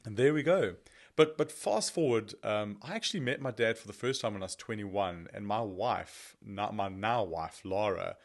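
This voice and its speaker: Man with a lowish voice, podcast guest, animated self-deprecating testimony. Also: moderate pace. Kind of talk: personal testimony storytelling.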